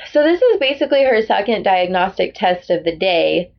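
Woman book podcast co-host, casual and animated, mid pitch, slightly dull lo-fi sound. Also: creaky. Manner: chatty, animated, quick to agree. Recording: lo-fi dull audio.

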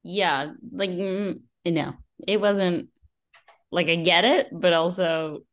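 A woman co-hosting a podcast, chatting casually about a book, joking and laughing a lot with deadpan asides. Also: fairly low pitch, slow. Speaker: podcast co-host. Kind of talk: casual book review chat.

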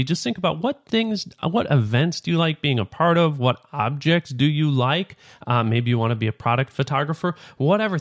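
A man who organizes a photography conference, giving informal, chatty advice and sketching out little scenes. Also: fairly high pitch. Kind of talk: casual advice monologue.

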